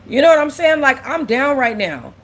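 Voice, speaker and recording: A woman's voice: sits high, sing-song, moderate pace. A young woman, host of a casual livestream, speaking candidly and close to tears. She repeats herself and reads out and answers viewers' comments. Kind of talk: emotional casual livestream talk.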